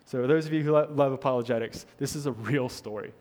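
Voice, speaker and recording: A man's voice: medium pitch, quick pace, a little mellow. A man preaching a sermon as pastor, earnest, repeating his points for emphasis. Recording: long hall reverb.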